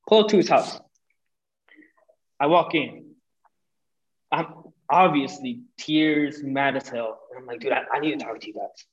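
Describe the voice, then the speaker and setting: Young male podcast guest, lively storyteller, highish voice, dull lo-fi sound. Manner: animated, swearing, acts out quotes. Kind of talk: casual storytelling. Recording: dull lo-fi audio.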